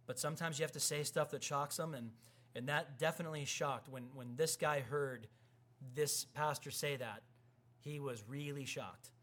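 A man's voice: a little high, moderate pace. A man in his thirties, a pastor preaching a sermon and acting out quoted voices. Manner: animated, acts out quoted voices.

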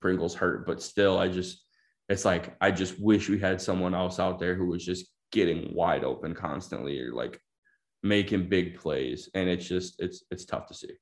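A man's voice: low voice, moderate pace. A young man hosting a casual sports podcast, laid-back and hesitant, steering the talk with questions. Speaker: podcast host.

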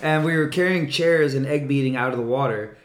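A boisterous man who talks loud, a podcast guest telling stories in casual chat. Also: mid-range voice, a little fast, roomy sound. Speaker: podcast guest, cage fighter.

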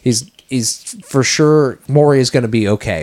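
A man's voice: medium pitch, normal speed, a little mellow. A man co-hosting a podcast, casually recapping a film in a rambling way and acting out lines from it. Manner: rambling, acts out quoted lines. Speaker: podcast co-host.

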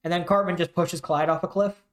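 A man's voice: sits high, steady tone, fairly quick. A man co-hosting a podcast, casually rambling through a game's story and acting out bits of it. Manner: rambling retelling with acted-out quotes. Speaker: podcast co-host. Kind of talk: casual game discussion.

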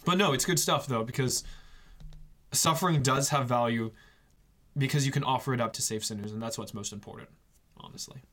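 A man hosts a relaxed faith podcast and chats casually with a guest. His voice sits in a middle pitch. He jokes a lot and drops quick asides between his points. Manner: jokey and laughing, quick asides. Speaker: podcast host.

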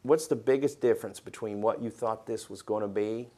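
A man from Kentucky, a guest on an interview podcast, talking in a dry, wry way with plenty of halting fillers. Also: fairly low pitch, dark tone. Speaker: guest, congressman. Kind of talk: casual interview chat.

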